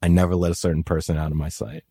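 A man co-hosting a podcast, trading sardonic jokes and deadpan asides in a casual recap chat. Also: low-pitched, very fast, gravelly, breathy edge, no echo. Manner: sardonic jokey quips, dry deadpan asides. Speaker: podcast co-host.

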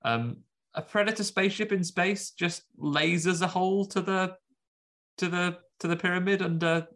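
A man co-hosting a casual film chat, sardonic and quick to mock the plot. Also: high-pitched, fairly bright tone. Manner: sardonic, acts out scenes in mocking voices. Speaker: podcast co-host.

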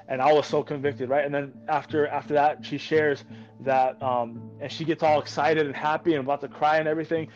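Veteran man guest, earnest and excited storyteller, muffled lo-fi sound under faint music. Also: fairly high pitch, moderate pace. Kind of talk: conversational podcast interview.

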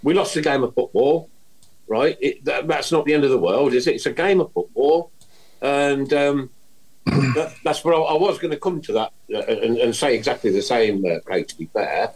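A man's voice: mid-range voice, moderate pace, darkish tone, husky, poor audio. A man hosting a casual football fan podcast, chatty and laughing often, with plenty of fillers. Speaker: podcast host.

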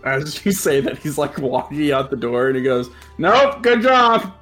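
A man narrating a tabletop game as game master, animated and laughing. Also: mid-range voice, moderate pace, soft background music.

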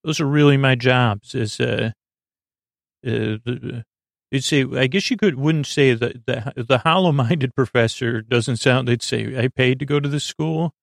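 A man hosting a sleep podcast, talking in a soft, lulling, creaky way and wandering off on goofy tangents. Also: mid-range voice, unhurried, no echo, clean studio sound. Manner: meandering, self-interrupting, goofy tangents. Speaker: podcast host. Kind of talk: rambling sleep podcast monologue.

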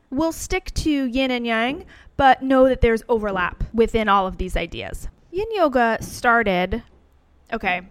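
A woman hosting her own show in a casual, animated monologue, opinionated and full of wry asides. Her voice sits fairly high. The sound is dry and close, with no room around it. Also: dry recording. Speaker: podcast host.

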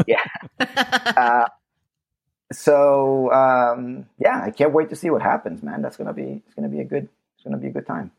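A man hosting a casual podcast, joking and animated and swearing casually. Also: medium pitch, measured pace, vocal fry, long pauses, breathy edge. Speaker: podcast host. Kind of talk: casual chat.

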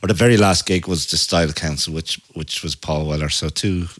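A man's voice: low voice, a little fast, a bit bright. A man chatting casually with his father, asking prompting questions. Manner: prompting questions, brief affirmations. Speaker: interviewer, son of the guest. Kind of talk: casual chat.

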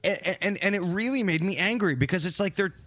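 A man talking casually with friends, his voice a little higher than most men's. He rambles, restarts his sentences and slips into mocking impressions. The sound is dry and close. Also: lively intonation, fast talker, a bit bright, no echo. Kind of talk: casual chat.

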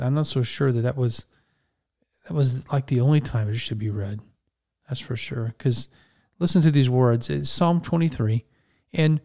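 A man pastor giving a conversational sermon, halting and restarting as he talks, and reading scripture slowly and gently. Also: mid-range voice.

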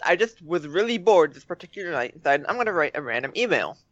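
Tired podcast guy reading a fan story, slightly high voice, dull dead-dry mic. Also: sing-song, fast talker, fairly bright tone, no echo. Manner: playful storytelling, chuckles. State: tired, late at night. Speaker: podcast co-host. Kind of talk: casual podcast chat, reading listener mail.

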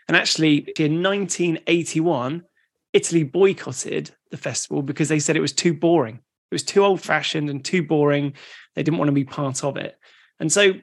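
A man co-hosting a podcast, explaining things in a casual, rambling way with lots of restarts. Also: a little high. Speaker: podcast co-host. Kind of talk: casual educational chat.

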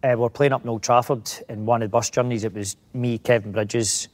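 A middle-aged Scottish actor, a guest in a casual interview, rambling through anecdotes with many restarts. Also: male voice, medium pitch, fairly even intonation, fairly quick.

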